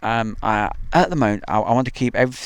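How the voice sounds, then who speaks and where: A man's voice: medium pitch, fast talker, clean tone, no room sound. A man hosting a casual outdoor live stream, rambling chattily and reading viewer messages aloud. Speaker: livestream host. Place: outdoors at an airfield.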